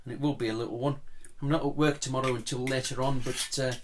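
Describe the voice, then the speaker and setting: A man chats his way through a whisky review at home in a steady mid-range voice. He rambles and wanders off topic, then turns things back on himself with a self-deprecating aside. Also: mid-range voice, fast. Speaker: whisky vlogger reviewing a dram. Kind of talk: casual home review chat. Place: at home, indoors, blinds closed.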